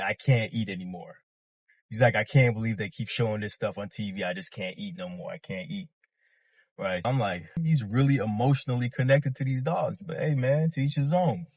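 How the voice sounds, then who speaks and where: A man in his thirties spins a story in a relaxed, slangy way. His voice sits in an ordinary middle register, recorded close and dry with no room sound around it. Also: mid-range voice, no room sound. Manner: laid-back, slangy storytelling. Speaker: vlogger. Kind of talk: casual storytelling monologue.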